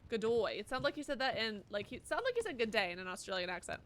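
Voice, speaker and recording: Lively young woman streaming a game. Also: a little high, fast, a little hiss or hum. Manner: casual, profane, reads chat aloud. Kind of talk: live gameplay commentary.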